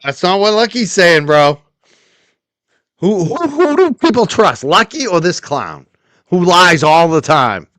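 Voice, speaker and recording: A man's voice: fairly high pitch, lively intonation, slow pace, long pauses, fairly bright tone, no room sound, studio quality. A man commentating on clips with a profane, mocking and sarcastic tone. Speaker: live-stream commentator.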